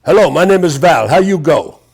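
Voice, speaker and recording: A man's voice: fairly high pitch, lively intonation, a little fast, vocal fry, slightly rough, exaggerated voice. A man putting on the broken English and Russian accent of a brash immigrant car salesman. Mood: earnest.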